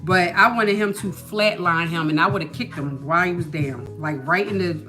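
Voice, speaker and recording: A woman hosting a podcast, telling a story in a casual, animated way and asking "you know what I mean" often. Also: fairly low pitch, moderate pace, faint music behind. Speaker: podcast host.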